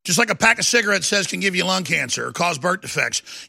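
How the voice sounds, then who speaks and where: A man hosting a talk radio show, ranting and fiery, often bursting into shouts as he takes calls. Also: high-pitched, expressive, fast, gravelly, few pauses, husky, no room sound.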